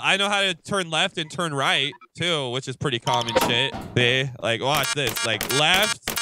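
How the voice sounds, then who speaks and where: A man's voice: a little high, rough recording. A man teasing other players in casual game voice chat, brash and sarcastic. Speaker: YouTuber roleplaying in an online game.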